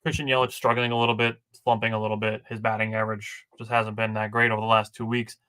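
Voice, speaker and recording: A man's voice: fairly low pitch, monotone, fast, sharp tone. A man co-hosting a casual sports podcast, working through game stats from his notes with dry asides. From Wisconsin. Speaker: podcast co-host.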